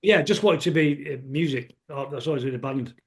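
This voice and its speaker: Quick-talking Manchester man, rambling. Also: fairly high pitch. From England. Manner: rambling, anecdotal, restarts often. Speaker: guest musician. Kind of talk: casual conversation.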